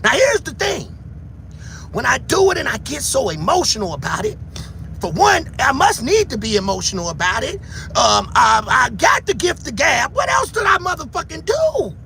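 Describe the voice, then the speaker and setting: Man, very high and lively voice, gravelly, bright, shouting and taunting through a livestream rant. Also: moderate pace, a little hiss or hum. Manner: loud, shouting, taunting, catchphrase-heavy. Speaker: livestream commentator. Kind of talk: heated livestream commentary.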